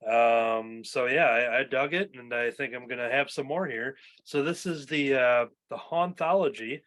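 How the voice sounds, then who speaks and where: A man's voice: medium pitch, moderate pace, a bit bright. Casual male podcast host. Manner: loose, filler-heavy, reading previews aloud. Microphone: home recording mic.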